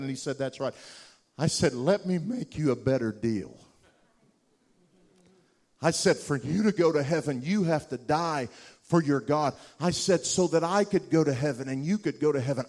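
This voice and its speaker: A man preaching a sermon, telling a story and building to loud, impassioned peaks with repeated words for emphasis. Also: fairly high pitch, expressive, normal speed.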